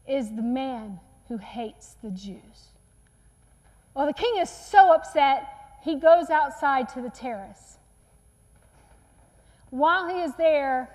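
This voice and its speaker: A woman preaching a sermon, retelling a Bible story in an earnest storytelling manner. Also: high voice. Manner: earnest storytelling, acts out quotes softly. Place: church sanctuary. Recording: long church reverb.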